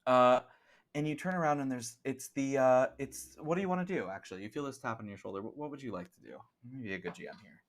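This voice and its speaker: A man's voice: mid-range voice, fast. A man narrating as game master of a tabletop game, rambling and correcting himself as he goes.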